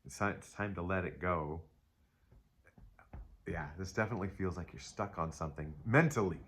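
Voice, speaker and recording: A man's voice: low-pitched, moderate pace, fairly bright tone, a little hiss or hum. A man giving a casual spiritual tarot reading, rambling and joking with himself as he talks. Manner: rambling, self-interrupting, playful asides. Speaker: tarot reader.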